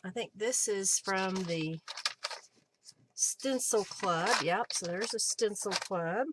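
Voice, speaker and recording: A woman's voice: mid-range voice, slow pace, very noisy. A woman hosting a live crafting stream from her home craft room, chatting casually and thinking aloud as she rummages for supplies. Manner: chatty and rambling, thinks aloud while searching. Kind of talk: casual live demo chat.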